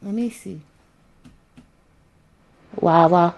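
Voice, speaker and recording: A woman's voice: on the low side, fairly even intonation, slow pace, gravelly, pauses often, a little mellow, dull audio. A woman streamer chatting casually with her viewers, repeating herself and sounding mildly exasperated as she fiddles with her audio settings. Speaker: live streamer.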